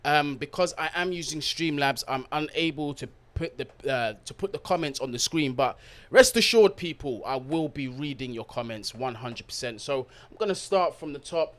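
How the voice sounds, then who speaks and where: An upbeat man hosts a live-stream chat, reading out comments from his viewers and giving them shout-outs in street slang. His voice sits a little above the usual pitch for a man, easygoing and friendly. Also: lively intonation, normal speed. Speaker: football watch-along streamer.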